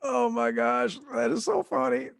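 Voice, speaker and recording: Lively man in his fifties from Louisiana. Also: very high voice, measured pace, gravelly, no echo, studio quality. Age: 50s. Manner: animated storyteller, acts out voices. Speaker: podcast co-host. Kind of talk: casual chat.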